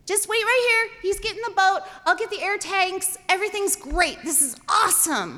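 Lady doing her stubborn 60s dad, breezy and pushy, kinda high, echoey hall. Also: sing-song, unhurried, fairly bright tone, full character voice. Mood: eager. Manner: breezy, insistent, enthusiastic. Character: thrifty stubborn dad in his sixties. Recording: long hall reverb.

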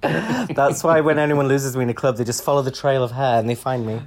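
Dry, deadpan male co-host, faint Yorkshire accent, casual podcast chat. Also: medium pitch, brisk. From Yorkshire, England. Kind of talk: casual chat, reality show recap.

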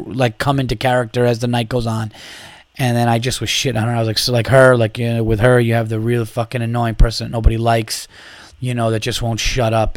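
A man's voice: mid-range voice, dry recording. Profane rambling comedian man. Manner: profane, rambling, lots of "like" and restarts. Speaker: comedian podcast host. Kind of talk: casual comic storytelling.

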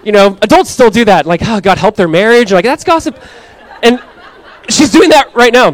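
Upbeat male pastor, storytelling sermon. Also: no room sound. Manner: animated storytelling, acting out his kids in high voices. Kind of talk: conversational sermon.

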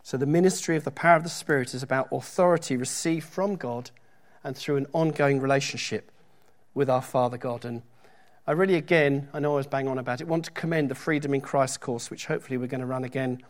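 A man's voice: medium pitch, quick pace. A middle-aged man preaching a sermon in a church, talking conversationally with joking asides and reading scripture aloud with emphasis.

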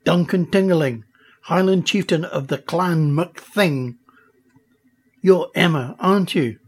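A man voicing a proud Highland chieftain, a talking egg in a storybook, with a Scottish accent. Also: slightly rough. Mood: hearty. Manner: proud, brisk, aloof.

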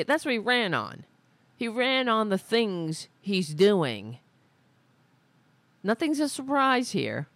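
A woman's voice: mid-range voice, no room sound. A woman hosting a podcast, ranting in exasperated, sarcastic, profane political commentary into a studio microphone. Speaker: podcast host.

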